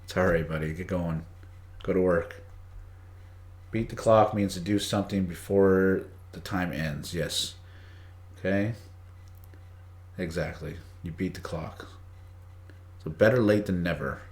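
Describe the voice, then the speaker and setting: Low-voiced guy chatting through an english lesson on a live stream, reads the chat out, roomy echo. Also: measured pace, long pauses, darkish tone. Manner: chatty, greets viewers by name, reads chat aloud. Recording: echoey room.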